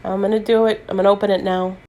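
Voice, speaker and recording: A woman's voice: medium pitch, level tone, racing, warm tone. A middle-aged woman hosting a tarot channel, gushing and choked up as she unboxes gifts in a vlog. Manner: emotional, gushing, near tears.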